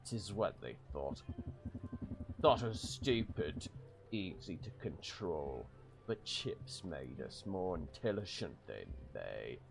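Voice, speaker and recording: Man doing a huge gruff alien worker, low, slow drawl, put-on Irish-Australian accent. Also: sing-song, music in the background, heavily acted, low-quality recording. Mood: scornful. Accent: put-on mix of Irish and Australian. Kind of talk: reading game dialogue aloud in voices.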